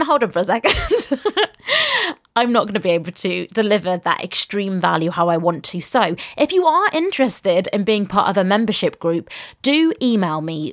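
A woman's voice: mid-range voice, no room sound, studio quality. A young adult woman hosting a casual solo podcast, chatty and upbeat, laughing often as she gives motivational business advice. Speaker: podcast host and business coach.

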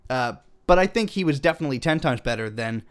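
Young man, podcast co-host, casual chat, animated delivery, casual swearing, middle pitch. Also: quick pace, clean tone. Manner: animated, swears casually, acts out quoted lines. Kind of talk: casual film review chat.

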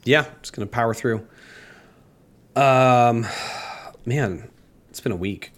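A man with a head cold and a slightly gravelly voice, co-hosting a casual podcast chat in a jokey, rambling, self-mocking way. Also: mid-range voice, takes it slowly. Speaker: podcast co-host.

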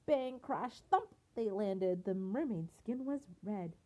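A woman's voice: medium pitch, lively intonation, slow, dark tone, poor audio. A woman reading a rhyming picture book aloud for her family in a sing-song way.

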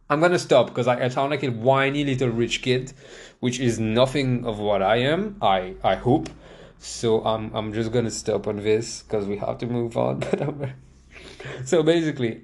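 On his own podcast, a young man chats casually and self-deprecatingly, rambling with plenty of laughs and restarts while seated in a chair at home at a desk microphone. He has a mid-range, somewhat mellow voice and keeps a moderate pace.

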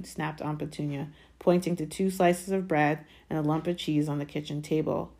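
A woman reads a novel chapter aloud with calm, steady storytelling. Her voice sits notably low for a woman. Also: normal speed, vocal fry, few pauses. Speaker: audiobook reader.

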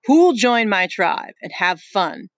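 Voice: medium pitch, big pitch swings, a bit bright, dry recording, exaggerated voice. A reader doing a sneering boy chief. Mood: commanding. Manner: slow, commanding, sneering. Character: proud, domineering boy hunt chief.

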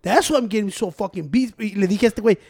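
Fast-talking man. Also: sits high, dry recording, clean studio sound. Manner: mixes Spanish and English, swears, gets loud and worked up. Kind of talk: casual chat.

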